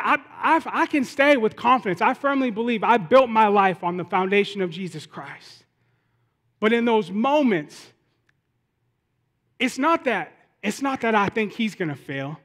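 Male pastor, high-pitched, conversational sermon, impassioned, long reverb of a church. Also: fairly bright tone. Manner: conversational preaching, rising to impassioned.

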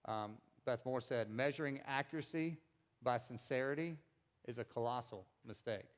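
A man preaching a sermon as pastor in a conversational, animated way. He repeats words when making a point and acts out quotes with big swings in pitch and loudness. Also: moderate pace.

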